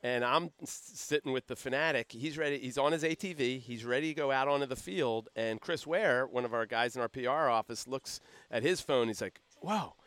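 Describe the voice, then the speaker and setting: A man hosting a casual chat from a broadcast booth, telling relaxed anecdotes. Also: mid-range voice, brisk, smooth, no echo. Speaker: podcast host.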